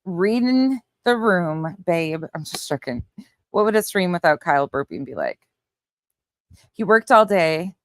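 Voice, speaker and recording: Hosting a casual livestream outside on a windy night, a woman with a fairly low, lively voice speaks at normal speed with long pauses and no echo. She's blunt with her viewers, curses now and then, and greets names from chat.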